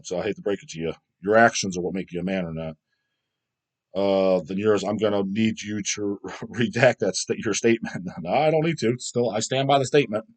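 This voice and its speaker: A man's voice: on the low side, brisk. A man in his thirties hosting his own channel, reading viewer comments and answering in a blunt, profane, casual rant with frequent laughs. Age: 30s.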